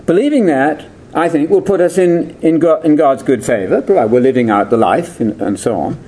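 A man's voice: a little high, animated, moderate pace, mellow. An older man giving a theological lecture, digressive and full of rhetorical questions.

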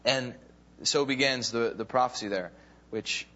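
Bright-voiced man teaching a Bible class. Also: mid-range voice, measured pace. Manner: casual retelling with fillers, acts out quoted lines. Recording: dull lo-fi recording.

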